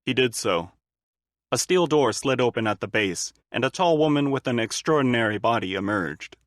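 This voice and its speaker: A man narrates a fan-made audiobook in a steady, even storytelling style. His pitch is medium and his pace moderate, captured in a dry, studio-quality recording.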